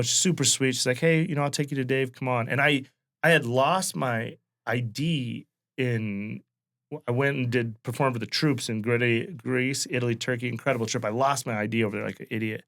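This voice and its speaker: A comedian in his late thirties from Wyoming, spinning a rambling, profane story on a casual podcast. His voice has a gravelly, fry-edged texture at a middle pitch. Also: fairly quick. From Wyoming, USA. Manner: loose, profane, animated anecdote telling. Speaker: guest comedian.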